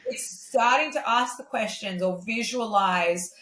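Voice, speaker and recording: A woman, a singer-songwriter and podcast guest, talking in a chatty, animated way with many fillers. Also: on the high side, a little slow. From Australia. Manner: chatty, animated, acts out quoted voices. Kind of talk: casual chat. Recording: roomy echo.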